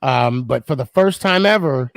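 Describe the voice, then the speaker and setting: Man, podcast host, casual banter, gravelly, dry sound. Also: mid-range voice, expressive, normal speed, dry recording. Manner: laughs easily, friendly banter. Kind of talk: casual live-stream chat.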